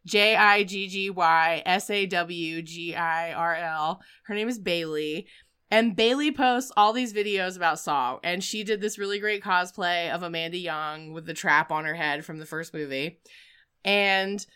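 A woman hosting a casual chat, telling a story with animated energy and bursts of acted-out shouting. Her voice is very bright and exceptionally clear. She talks loosely, with fillers and quick asides. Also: lowish voice. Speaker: podcast host recapping films.

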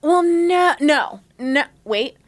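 A woman's voice: high-pitched, lively intonation, slow. A woman playing a chipper middle-aged man in denial about his separation, talking in a forced sing-songy cheer in an improvised comedy sketch. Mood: rambling.

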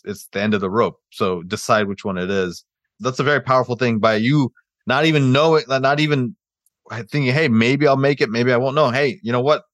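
A man hosts a podcast interview in a casual, relaxed way. His voice sits in a middle range, and he often stumbles and restarts his sentences. The sound is dry and close, with no room echo. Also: medium pitch. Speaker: podcast host.

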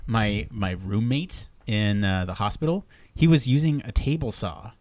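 A man's voice: fairly low pitch, unhurried, darkish tone, dry recording. A man co-hosting a podcast, chatting casually and wandering off into tangents and personal stories. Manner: rambling, tangent-prone storyteller. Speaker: podcast co-host.

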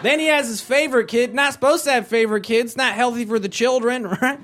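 A young man performing a stand-up comedy set on a club stage, acting out characters with sudden shouted voices. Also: very high-pitched, brisk, a crowd in the background.

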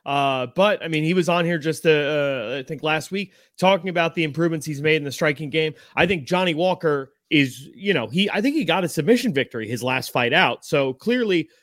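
A man's voice: on the high side, animated, fairly quick, few pauses, a bit bright, no room sound, studio quality. A man co-hosting a sports talk show, giving analysis in a thoughtful way with many fillers. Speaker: co-host analyst.

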